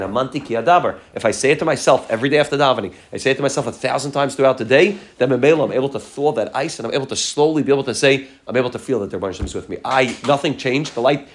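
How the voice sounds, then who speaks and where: A man teaching a Torah class, talking quickly and often repeating his phrases while mixing Hebrew and Yiddish terms into English. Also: mid-range voice. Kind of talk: fast-paced Torah class.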